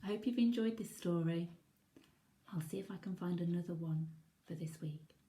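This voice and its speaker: A woman teacher reading a picture book aloud to young children, gently pointing out the pictures. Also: fairly low pitch, moderate pace, a little hiss or hum. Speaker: primary school teacher.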